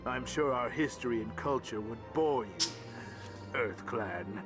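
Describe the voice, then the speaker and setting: A man voicing a small, proud alien ambassador from a video game, keeping his voice at an ordinary middle pitch. He talks down to others in short, resentful lines. Game music is clearly heard behind him. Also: animated, unhurried, natural voice. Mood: haughty. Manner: curt and condescending.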